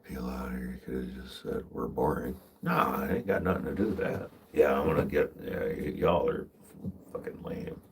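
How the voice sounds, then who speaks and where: A man's voice: a bass voice, steady tone, normal speed, creaky, hardly any pauses, a little hiss or hum. A man chatting casually on a livestream from his vehicle while driving, rambling and swearing freely, often laughing. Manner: rambling, profane, laughs a lot. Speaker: livestreamer and tree climber.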